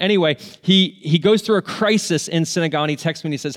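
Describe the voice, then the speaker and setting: A man's voice: high-pitched, a little fast, hardly any pauses. A man preaching a sermon, telling stories in an earnest, emotional way. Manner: earnest, emotional, tearful at moments. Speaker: pastor. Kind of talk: sermon storytelling.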